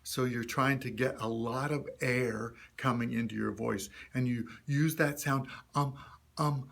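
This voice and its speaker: A man's voice: mid-range voice, steady tone, measured pace, creaky. A man teaching puppet character voices to a group, demonstrating sounds and cheering learners on. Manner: encouraging, demonstrates voices then asks learners to try. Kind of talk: instructional talk to a group.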